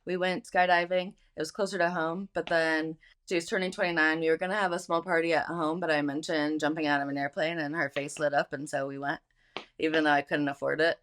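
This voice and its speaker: A woman's voice: low voice, flat delivery, brisk, fairly bright tone. A woman speaking as the guest in a money interview, candid and self-deprecating about her spending. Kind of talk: candid conversation.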